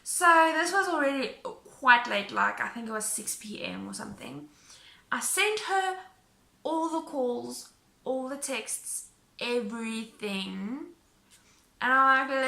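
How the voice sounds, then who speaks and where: Animated, exasperated woman telling a story. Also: sits high, takes it slowly, gravelly. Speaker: vlogger. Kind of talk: storytime vlog. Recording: roomy echo.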